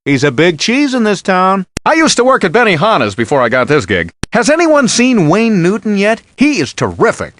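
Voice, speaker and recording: A man's voice: high-pitched, wildly swooping pitch, moderate pace, few pauses, fairly bright tone, a little hiss or hum, full character voice. An actor playing a sarcastic male blackjack dealer in a video game, teasing the player with one-liners.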